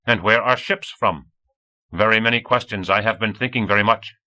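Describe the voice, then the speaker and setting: A man reading an audiobook, voicing a strange boy raised by aliens who asks excited, childlike questions. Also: fairly low pitch, moderate pace. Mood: eager.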